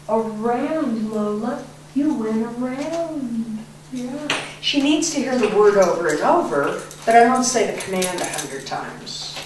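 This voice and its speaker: A woman dog trainer explains her method in a slow, unhurried voice. She moves between clipped command words and soft, warm praise. The recording is distant and very echoey, with loud background noise. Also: a little high.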